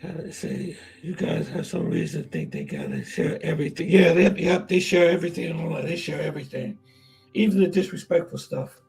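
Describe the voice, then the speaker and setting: A man's voice: fairly high pitch, wildly swooping pitch, a little fast, gravelly, darkish tone, breathy edge, soft background music, low-quality recording. A man hosting a casual livestream, talking straight to his viewers and chat, repeating himself for emphasis. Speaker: vlog host.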